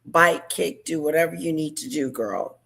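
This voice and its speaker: An older woman hosting a casual chat, reacting with quick exclamations and laughter. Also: deep voice, vocal fry, a bit bright. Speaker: host.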